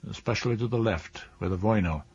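A man narrating a classic novel as an audiobook in a measured, even storytelling manner. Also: fairly low pitch, breathy edge, no echo. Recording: dull dry lo-fi recording.

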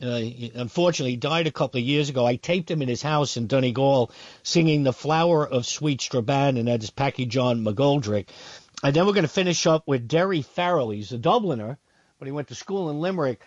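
A man's voice: medium pitch, a little fast, dry recording. A man co-hosting a radio show, ranting with indignation in casual chat. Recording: muffled lo-fi radio audio.

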